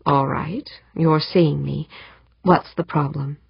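A woman voicing a tired, cautious male official who speaks crankily and in a measured way. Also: low voice, steady tone, vocal fry, breathy edge, dry recording, heavily acted. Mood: cranky. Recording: dull muffled audiobook recording.

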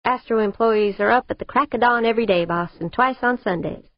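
A woman's voice: on the high side, brisk, dry recording, pitched above the performer's own voice, natural voice. A woman narrator voicing a spirited, wisecracking young woman spacecraft pilot in an audiobook. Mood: cheeky. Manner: breezy, wisecracking. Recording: dull lo-fi audiobook recording.

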